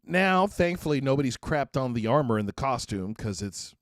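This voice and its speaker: A man hosting a casual podcast, talking in an animated, rambling way with sudden high exclaims. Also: moderate pace, dry recording, clean studio sound. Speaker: podcast host. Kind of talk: casual chat.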